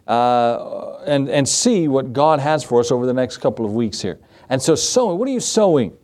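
In a medium-pitched, dark voice, a male pastor gives a conversational sermon in church. He quizzes the congregation and cracks jokes along the way.

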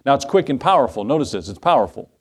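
A man's voice: medium pitch, sing-song, quick pace, husky. A man in the role of pastor, preaching a sermon in a church, conversational, with asides and questions to the congregation. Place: church sanctuary.

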